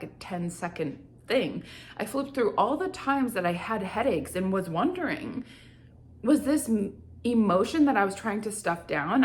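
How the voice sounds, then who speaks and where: A woman's voice: medium pitch, a little hiss or hum. A young adult woman hosting her own show, telling a personal story in an earnest, reflective way. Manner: earnest, reflective, slows down on feelings. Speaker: host.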